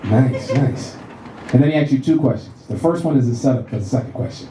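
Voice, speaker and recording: A man in his thirties doing a profane, animated stand-up set in a comedy club, acting out voices as he tells stories. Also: medium pitch, very fast, a little hiss or hum. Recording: roomy club sound from a distant mic.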